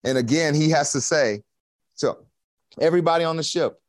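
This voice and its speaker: A man's voice: fairly high pitch, normal speed, no echo. Folksy preacher man, dry sound. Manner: casual and folksy, with slang and chuckles. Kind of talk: conversational sermon.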